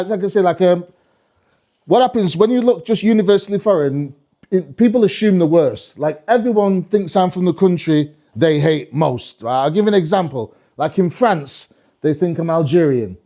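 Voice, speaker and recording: A man from the UK performing a live stand-up comedy set, animated and swearing, with a stage mic in a comedy club. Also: sits high, fairly quick. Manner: animated, swearing, slips into mock French voices.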